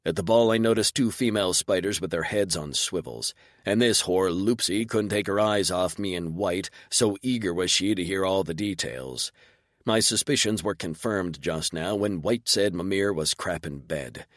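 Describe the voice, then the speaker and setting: Low-voiced man narrating an audiobook. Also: moderate pace, a bit bright, no room sound, clean studio sound. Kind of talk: scripted first-person narration.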